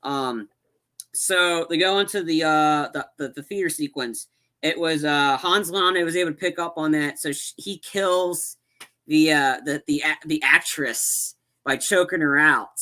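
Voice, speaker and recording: A man's voice: on the high side, measured pace, sharp tone. A man co-hosting a podcast, chatting casually about films in a rambling way with lots of fillers and restarts. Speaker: podcast co-host. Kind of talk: casual movie chat.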